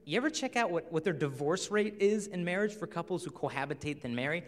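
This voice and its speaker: A young man giving a lively, story-driven talk to a crowd of teenagers. He slips into the voices of the people in his stories as he goes. His voice sits a little high and rings out with the long echo of a big hall. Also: fast. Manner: animated storyteller who acts out voices. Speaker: chastity speaker. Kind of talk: live talk to a young audience. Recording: reverberant hall.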